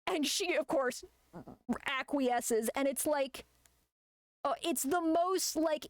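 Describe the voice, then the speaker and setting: A woman's voice: on the high side, vocal fry, no echo. A woman chatting casually while she draws on a live art stream, rambling and ranting with plenty of swearing. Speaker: artist streamer.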